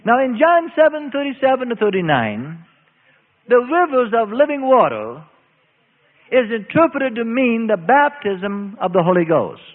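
In this sermon, a male preacher's high, lively voice moves deliberately, stretching out his phrases for slow, forceful emphasis. It's a tinny, phone-quality recording made in a reverberant hall with a long tail of echo.

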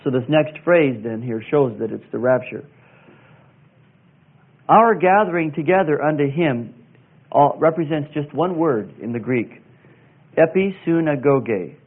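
A man teaching verse by verse through a Bible passage, slow and deliberate, pausing with fillers and spelling out Greek words. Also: fairly high pitch, lively intonation, husky. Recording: tinny phone-like sound.

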